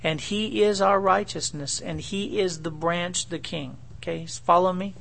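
A man's voice: high voice, steady tone, measured pace, gravelly, a bit bright, a little hiss or hum. A man preaching a sermon, teaching verse by verse and often checking in with "okay?" and "right?". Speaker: pastor.

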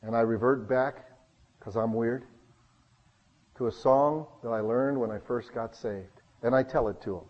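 A man preaching a sermon as pastor, talking conversationally and swinging between loud emphasis and hushed asides. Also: medium pitch, unhurried, in a large hall, dull audio.

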